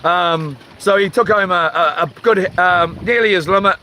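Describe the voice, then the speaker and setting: A New man streaming from a fishing rock, chatting in a halting, rambling way as he reads viewer comments, his voice a little rough and tired. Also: high voice, bright, forceful tone, slight background noise. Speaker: livestream host. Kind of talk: casual livestream chat. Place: outdoors on a rock by the water at night. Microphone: phone.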